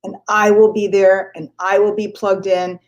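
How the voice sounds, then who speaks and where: A middle-aged woman giving an emphatic, energetic motivational morning talk to her business team, often laughing. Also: mid-range voice, normal speed, highs cut off. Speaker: network marketing trainer.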